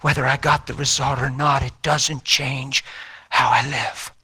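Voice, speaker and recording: Bright, animated male storyteller. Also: mid-range voice, a little slow, slightly rough. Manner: animated, repeats words, acts out quotes. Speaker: speaker sharing a personal faith testimony. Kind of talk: emotional storytelling.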